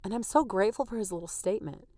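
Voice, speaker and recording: A woman's voice: medium pitch, animated, racing, darkish tone, dry recording, studio quality. A woman hosting a podcast in casual, candid chat, laughing often, her voice worn and not at full strength. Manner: chatty and candid, laughing often, with lots of "like" and "you know". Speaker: podcast host. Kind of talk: casual solo podcast talk.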